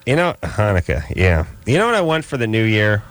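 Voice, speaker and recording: A man hosting a radio call-in show, telling stories in a rambling, animated way. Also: fairly low pitch, fairly quick, no echo. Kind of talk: casual talk radio banter.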